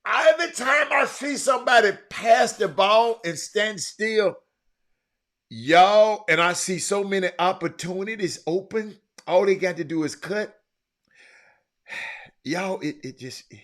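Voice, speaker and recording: A man rants as a show host, his voice pitched high and bright. He swings widely up and down as he gets exasperated. At times he breaks into hollering. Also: expressive, a little slow. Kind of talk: ranting monologue.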